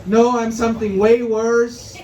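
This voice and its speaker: An Austrian stand-up comedian in his forties performs a self-mocking set at a comedy club open mic, laughing at his own jokes. His very high voice is level and darkish, at a measured pace. The club room is echoey, and the mic sounds distant.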